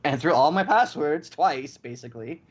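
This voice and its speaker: A man's voice: fairly high pitch, lively intonation, normal speed, slightly rough. A man co-hosting a podcast, ranting in a casual chat and acting out both sides of the story. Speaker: podcast co-host. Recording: dull lo-fi podcast audio.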